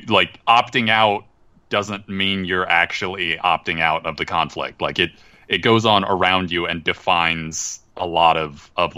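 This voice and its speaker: A man's voice: sits low, pushed and bright, dry recording. A man co-hosting a casual film talk show, speaking hesitantly with fillers as he builds his point. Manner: hesitant, many fillers while forming thoughts. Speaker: podcast co-host.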